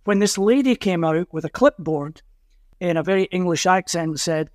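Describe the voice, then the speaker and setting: Scottish man telling lively stories. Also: high-pitched, moderate pace, no echo, clean studio sound. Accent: Glasgow Scottish. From Scotland. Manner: acts out voices in anecdotes. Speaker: musician guest. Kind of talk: animated storytelling.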